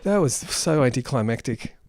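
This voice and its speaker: A man's voice: medium pitch, expressive, moderate pace, darkish tone, slight background noise. A man giving an unrehearsed film review, rambling and exasperated.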